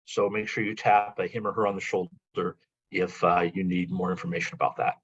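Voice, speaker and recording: A man's voice: low voice, flat delivery, brisk, a bit bright, highs cut off. A man briefing coaches in a webinar, methodical and full of "uh" and "um" fillers. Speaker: athletic association administrator. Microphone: video call.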